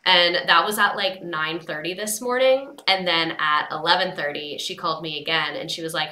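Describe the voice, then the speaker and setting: A woman's voice: fairly low pitch, normal speed, hardly any pauses, sharp tone, reverberant. A young woman hosting a casual livestream, chatting and retelling a phone call with quoted dialogue. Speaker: livestream host.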